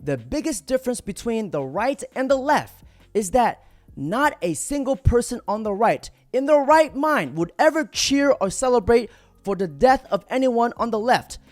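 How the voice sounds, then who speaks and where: Woman host ranting to viewers, bouncy pitch, dry close sound. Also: lively intonation, moderate pace, a little mellow, no echo, soft background music. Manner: indignant, emphatic, addresses viewers directly. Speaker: political commentary host. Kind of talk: opinion commentary video.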